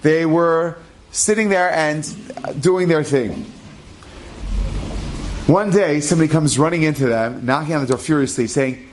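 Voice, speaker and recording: A man, a rabbi, telling an inspirational story in an animated, casual way, acting out the dialogue. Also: on the high side, moderate pace.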